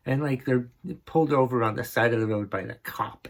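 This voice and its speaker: A grumpy man hosts a comedy podcast and rants about everyday annoyances. His delivery is exasperated and profane, and his pitch sits in a middle range for a man. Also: fairly quick, hardly any pauses. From northern New England. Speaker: podcast host. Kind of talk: comedic rant.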